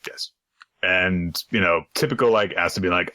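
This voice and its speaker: A man's voice: low-pitched, normal speed, pushed and bright, dry recording. A man co-hosting a podcast, recapping manga chapters in casual chat, acting out characters in jokey voices and swearing freely. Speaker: podcast co-host.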